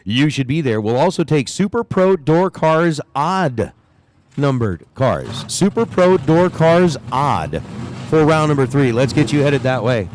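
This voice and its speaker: A man's voice: fairly high pitch, sing-song, unhurried, darkish tone, slight background noise. Chatty drag race announcer man. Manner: chatty, joking between calls. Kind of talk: live race commentary. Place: outdoors at a racetrack.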